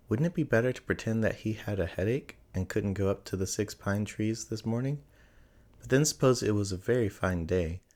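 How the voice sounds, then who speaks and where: A man reading a children's storybook aloud in a gentle, measured way. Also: low-pitched. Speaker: narrator.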